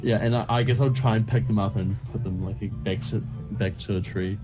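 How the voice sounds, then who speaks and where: Brief: hesitant male player, lowish voice, music behind. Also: fairly even intonation, brisk, rough recording. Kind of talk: tabletop game chat.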